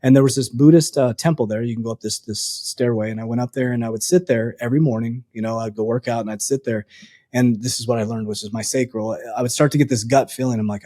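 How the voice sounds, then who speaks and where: Guy on a podcast telling his story, mellow dark voice, dry sound, does the voices of people he quotes. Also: medium pitch, quick pace, no room sound. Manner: animated storyteller, acts out quoted dialogue. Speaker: guest, coach. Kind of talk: storytelling in an interview. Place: lives in Arizona.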